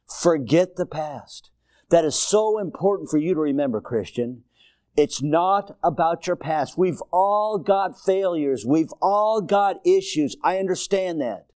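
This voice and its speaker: A fiery male preacher with a voice a little higher than most men. He drops into low, quiet asides, then climbs to loud, high, shouted exhortations built on repeated rousing phrases. The sound is dry and close. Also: animated, unhurried, no room sound. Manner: repetitive, rousing, sports-laced preaching. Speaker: guest preacher. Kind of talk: sermon.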